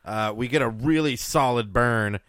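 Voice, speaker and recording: A man co-hosting a podcast in casual chat, joking and riffing with quick asides. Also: medium pitch, fairly bright tone, clean tone, no echo, studio quality. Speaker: podcast co-host.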